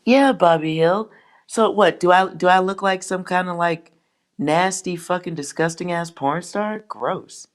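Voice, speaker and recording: A woman's voice: on the low side, a little slow. Brash, profane woman ranting to viewers. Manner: brash, profane, joking rants. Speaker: tarot reader and livestream host. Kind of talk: casual livestream chat with viewers.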